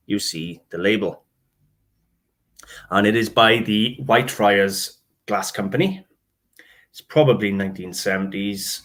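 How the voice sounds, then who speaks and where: Low-ish guy rambling about his car boot finds, laughs a lot, easygoing. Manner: chatty, laughs often, admits trouble reading dialect. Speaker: antiques dealer and channel host. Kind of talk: casual show-and-tell.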